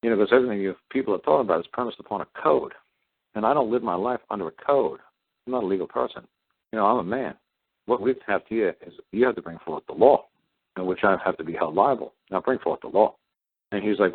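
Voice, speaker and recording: Blunt, husky-voiced man on a phone line. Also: on the low side, animated, quick pace, no echo. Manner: blunt, combative, repeats "I said" often. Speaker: talk show host. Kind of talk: casual storytelling on a talk show.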